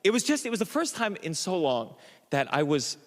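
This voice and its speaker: A man's voice: sits high, brisk, big-room sound. Stammering man telling stories on stage. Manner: animated storytelling with stammers and restarts, acting out quoted voices. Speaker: stand-up comedian. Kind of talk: stand-up comedy set. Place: comedy club stage. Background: audience laughter.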